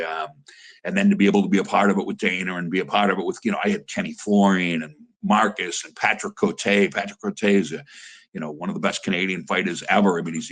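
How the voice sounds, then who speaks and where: A middle-aged man with a very low voice and a husky grain tells stories from his years in fight corners. His talk is casual and rambling, full of restarts as he gathers his thoughts. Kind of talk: casual interview storytelling.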